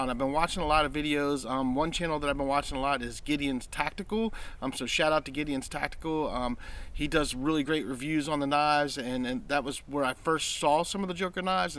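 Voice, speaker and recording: A man's voice: fairly high pitch, a bit bright. A man in a casual unboxing vlog, talking eagerly with many ums, restarts and repeated praise as he shows his collection. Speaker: knife collector reviewing his purchases.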